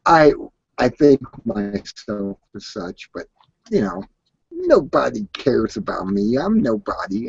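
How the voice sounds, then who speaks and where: A man's voice: medium pitch, wildly swooping pitch, slow, vocal fry, slightly rough. A man hosting a casual late-night voice chat, playful and theatrical, meowing and laughing. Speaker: chat room host. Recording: dull lo-fi dry voice chat audio.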